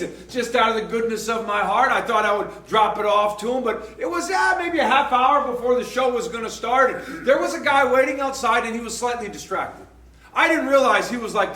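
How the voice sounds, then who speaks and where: A man preaching a sermon as pastor, telling a story with lively acted-out voices and laughter. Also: sits high, echoey room, distant mic. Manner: storytelling, acts out quoted voices, laughing and shouting at punchlines. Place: church.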